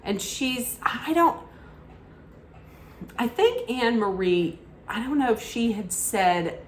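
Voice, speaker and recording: A woman's voice: fairly high pitch, sing-song, slow, roomy sound, a little hiss or hum. A woman giving an opinionated, casual recap rant about a reality show, often restarting her sentences. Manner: opinionated, frequent restarts and asides.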